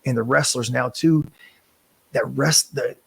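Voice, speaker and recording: A man's voice: medium pitch, steady tone, a little slow, vocal fry, breathy edge, no room sound. Impassioned man, dry close sound. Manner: impassioned, rambling with restarts and swearing. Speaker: professional wrestler, guest. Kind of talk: casual interview talk.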